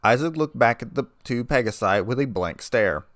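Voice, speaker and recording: A man reading a fan story aloud as narrator, in a steady storytelling manner. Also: medium pitch, moderate pace, no room sound, clean studio sound.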